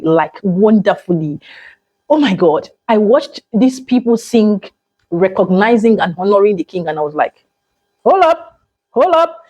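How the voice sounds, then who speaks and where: A woman, chatting excitedly and emotionally to her viewers in a vlog. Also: on the low side, no room sound, low-quality recording. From Nigeria. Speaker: vlogger. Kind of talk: casual vlog chat.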